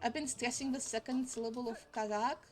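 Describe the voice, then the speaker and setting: A woman live-streaming a video game, chatting casually, giggling, and blurting out exclamations. Her voice sits high, and faint music plays underneath. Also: steady tone, brisk, a little mellow.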